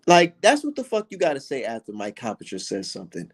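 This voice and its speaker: Gravelly, animated man ranting on a vlog. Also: medium pitch, fast talker. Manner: excitable, swearing, mocking. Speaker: vlogger reacting to boxing clips. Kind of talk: profane casual reaction commentary.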